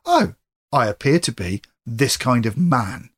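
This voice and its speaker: A man hosting a podcast, talking about a film with enthusiasm and quick asides. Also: mid-range voice, very animated, slightly rough. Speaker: podcast host. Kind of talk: casual podcast conversation.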